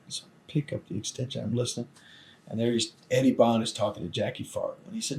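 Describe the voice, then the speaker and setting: An older man, guest in a long interview, telling old stories with lively acted-out quotes. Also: medium pitch, fast talker. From Southern United States. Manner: animated storyteller acting out quoted voices. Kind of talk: storytelling shoot interview.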